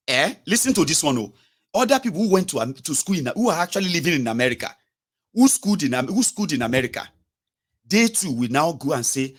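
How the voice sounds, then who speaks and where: Animated mocking Nigerian man. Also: a little high, brisk, breathy edge. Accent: Nigerian, with Yoruba and pidgin words. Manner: mocking, exclaiming, rhetorical questions. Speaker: political commentator. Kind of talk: animated political commentary.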